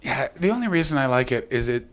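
A man's voice: medium pitch, animated, quick pace. A man with a North American accent hosting a comedy podcast, talking in rambling, sarcastic, profane banter. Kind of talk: casual comedic chat.

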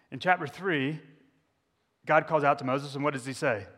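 A man's voice: a little high, moderate pace, pauses often, fairly bright tone. A man preaching a candid sermon as a pastor, putting questions to the congregation. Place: church sanctuary. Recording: echoey church hall.

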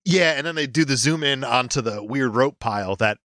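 Musing podcast co-host, bright and dry. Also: male voice, mid-range voice, brisk, no room sound. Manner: musing, trails off and restarts. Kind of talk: casual film chat.

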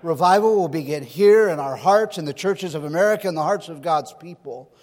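A man from California preaches to a church crowd, his voice sitting high and carrying a long hall echo. He moves between homely stories and pointed rhetorical questions. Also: a little fast, a little mellow. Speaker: pastor. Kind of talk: sermon.

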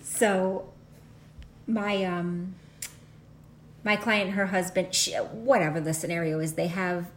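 A woman co-hosting a casual chat, telling a client's story with lively acted-out quotes. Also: fairly low pitch, takes it slowly, pauses often, slight background noise. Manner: animated storyteller, acts out quoted voices.

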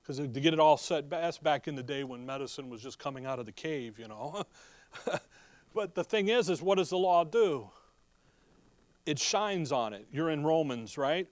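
A man's voice: on the high side, lively intonation, unhurried, no echo. A man preaching a sermon in a folksy, emphatic way, reading scripture and asking his congregation rhetorical questions. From Midwestern United States. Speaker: pastor.

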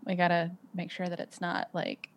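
A fairly low, monotone woman's voice at normal speed comes from a mother on a podcast as a guest. Her reflective, informal conversation is sprinkled with "um" and "like," and she frequently starts over.

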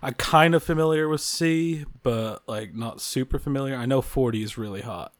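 A man's voice: medium pitch, moderate pace, no echo. A man in a casual chat, wry and laid-back.

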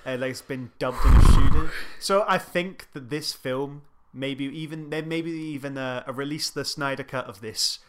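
A man's voice: medium pitch, moderate pace, few pauses. Thoughtful man, mid voice. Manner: thoughtful, builds opinions with frequent "like" and "I reckon". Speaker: podcast co-host. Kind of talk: casual film review chat.

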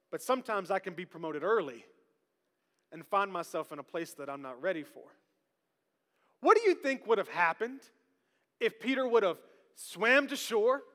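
Pastor, man, lively humorous sermon, high bright voice, long hall reverb. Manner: lively, humorous, calls out to the congregation.

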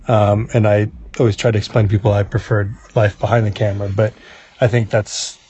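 A man's voice: fairly low pitch, little pitch movement, a little fast, darkish tone, breathy edge, dull audio. A man, a comedy writer and podcast guest, talking in a thoughtful, laid-back way. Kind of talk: casual podcast chat.

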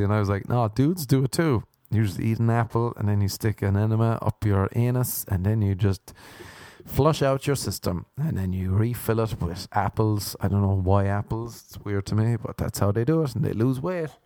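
A man performing a stand-up comedy routine, telling stories deadpan and breaking into animated voices for the people he quotes. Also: fairly low pitch, normal speed, dry recording, studio quality. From Ireland.

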